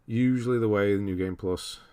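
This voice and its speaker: A man's voice: fairly low pitch, brisk, a little mellow, clean tone. A man casually chatting on a livestream, thinking aloud and laughing as he reads through viewers' lists. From United Kingdom. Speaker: streamer.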